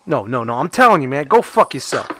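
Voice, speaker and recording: Loud profane joking man. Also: medium pitch, big pitch swings, background noise. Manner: profane, teasing, fast and loud. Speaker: podcast co-host. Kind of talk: crude joking banter.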